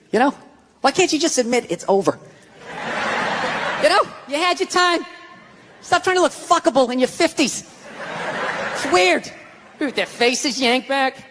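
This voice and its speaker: A middle-aged man from the US East Coast doing stand-up comedy, ranting and swearing, sometimes shouting. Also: very high voice. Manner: ranting, profane, shouting at times. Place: large live comedy venue. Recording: live venue with long reverb and loud crowd. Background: audience laughter and crowd noise.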